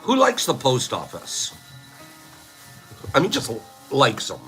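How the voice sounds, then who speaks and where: With faint music behind him, an older man hosts a laid-back live-stream chat at a mid-range pitch and measured pace. He laughs often as he tells his stories, bringing the people in them to life.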